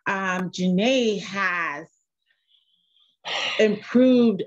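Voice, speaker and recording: A woman's voice: medium pitch, very slow, highs cut off. A mother thanking teachers over a video call, choked up and tearful. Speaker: parent. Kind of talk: heartfelt thanks.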